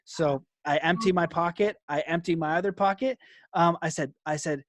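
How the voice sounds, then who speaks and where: Animated high-voiced man telling a story. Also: normal speed, dry recording, clean studio sound. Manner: animated, laughs often, frequent "like". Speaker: guest. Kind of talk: storytelling in an interview.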